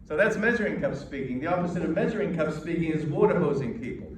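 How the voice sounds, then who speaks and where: An American man coaching an audience on presenting, emphatic and measured, pausing between points. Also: on the high side, lively intonation, recorded from a distance, crowd noise. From United States. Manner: emphatic, with pauses and demonstrations. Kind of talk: lecture to a live audience. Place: lecture hall. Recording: echoey hall recorded from afar.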